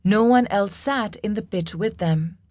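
A woman's voice: mid-range voice, measured pace, darkish tone, no room sound, clean studio sound, natural voice. A woman voicing a dazed, scared young royal daughter who calls out in fear. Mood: grim.

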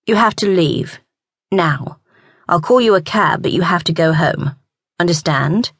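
A woman's voice: lowish voice, expressive, a little slow, no room sound, clean studio sound. A woman voicing a curt grown man who speaks in clipped, growled orders in an audiobook.

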